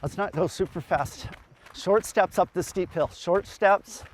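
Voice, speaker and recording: A man coaching runners outdoors as he runs with them, encouraging them and counting their steps aloud in quiet bursts. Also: high voice, unhurried, slight background noise. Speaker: running coach. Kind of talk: on-the-run coaching. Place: outdoors on a hilly running route.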